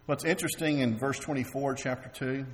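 A man preaching a sermon as pastor, halting and repeating words while he asks the congregation questions. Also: medium pitch, fairly even intonation. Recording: long reverb of a large hall.

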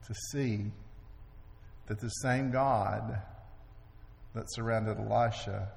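A man preaching a sermon, retelling a scripture story with animated delivery, acting out the characters' lines and moving between hushed and loud. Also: on the low side, measured pace, vocal fry, pauses often, slight background noise. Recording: long hall reverb.

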